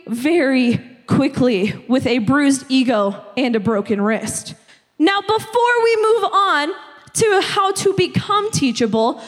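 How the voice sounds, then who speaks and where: A young woman preaches a sermon in a chatty, conversational way, often checking in with her listeners. Her voice sits very high, and a long church hall reverb lingers after her words. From United States. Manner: conversational, repeatedly asking "okay?". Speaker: youth pastor.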